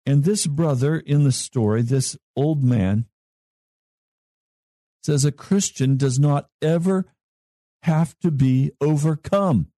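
Slow-speaking male preacher, dry sound. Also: on the high side, mellow, no echo. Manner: slow, measured preaching with long pauses. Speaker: pastor. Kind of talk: sermon.

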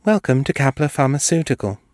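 A man's voice: medium pitch, lively intonation, a little fast, darkish tone, no room sound, studio quality, voice pushed up, lightly acted. A man voicing a young woman receptionist who speaks politely and stammers when nervous, in a raised voice.

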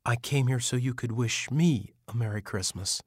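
A man voicing a beat-up, defeated middle-aged man in an audiobook. He speaks haltingly. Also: mid-range voice, slightly rough, no room sound, clean studio sound, voice pushed up, lightly acted. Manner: halting, mumbling.

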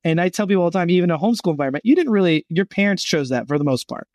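Animated man telling a faith story. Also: high-pitched, very fast, no room sound, clean studio sound. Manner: animated storyteller acting out quoted voices. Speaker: guest speaking for a Christian gap year college. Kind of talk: storytelling in a podcast interview.

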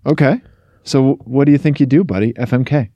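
A man's voice: mid-range voice, fairly quick, mellow, no echo, highs cut off. A man from Missouri co-hosting a podcast in casual chat, talking with many fillers and restarts. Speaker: podcast co-host.

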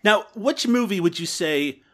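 Lively bright-voiced male podcast host. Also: high voice, measured pace. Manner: joking, mock-serious teasing. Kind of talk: comedic podcast chat.

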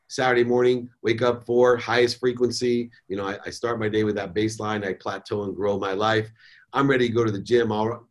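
A middle-aged man, a podcast guest, telling a motivational story in an emphatic way that swings between soft and forceful. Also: on the low side. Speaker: guest, entrepreneur and speaker.

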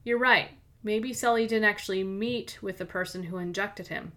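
A woman's voice: mid-range voice, moderate pace, bright, forceful tone, lightly acted. A woman voicing an alarmed young woman sleuth in a read-aloud story, talking urgently. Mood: thoughtful.

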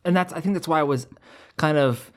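A man's voice: a little high, brisk. A man joining a casual movie review podcast, speaking hesitantly and searching for his words.

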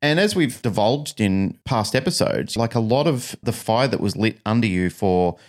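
A man co-hosting a casual podcast, telling stories in an animated, emphatic way. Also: lowish voice, normal speed. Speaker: podcast co-host.

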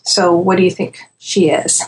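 A woman's voice: on the low side, fairly even intonation, moderate pace. Chatty woman analyzing reality TV. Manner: chatty, laughs easily, many fillers. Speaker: podcast guest analyst. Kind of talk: casual podcast chat.

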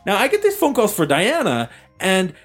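Animated man telling a comic story. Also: high-pitched, moderate pace, faint music behind. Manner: animated storytelling, jokey voices for callers. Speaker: podcast host. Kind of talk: casual chat.

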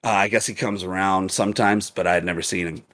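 A young man streaming games, telling a profane story in a casual, animated, laughing way. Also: sits low, fast. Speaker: gaming streamer.

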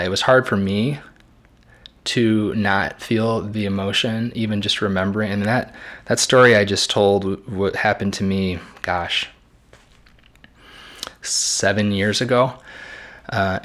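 Reflective man hosting a podcast. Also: lowish voice. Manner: reflective, gentle, many fillers and restarts. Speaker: podcast host. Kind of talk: reading aloud then live book-club chat.

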